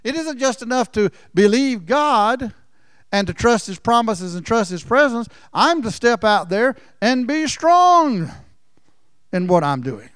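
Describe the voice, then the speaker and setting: A man preaching a sermon in a folksy storytelling way, swinging from loud emphasis down to near-whispers. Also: very high-pitched, very animated, a little slow, clean tone, no echo, studio quality. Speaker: pastor.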